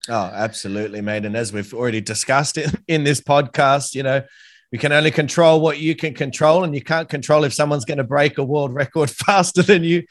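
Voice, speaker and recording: An Australian man hosting a podcast, chatting casually and warmly with a guest, calling him mate and laughing easily. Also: a little high, a little fast, dry recording, studio quality. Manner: friendly, says "mate" often, laughs easily. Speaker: podcast host. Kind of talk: casual interview chat.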